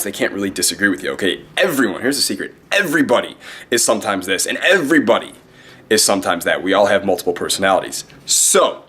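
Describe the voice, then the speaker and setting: A man's voice: on the low side, fairly bright tone, husky. A young man giving dating advice in a brash, cocky, profane way, speaking straight to the camera. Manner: brash, profane, fast-talking; cocky, self-promoting. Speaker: dating coach. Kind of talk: direct-to-camera advice vlog.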